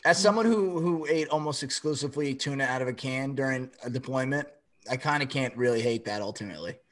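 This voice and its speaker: A man in casual group banter, easygoing and low-key. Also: quick pace.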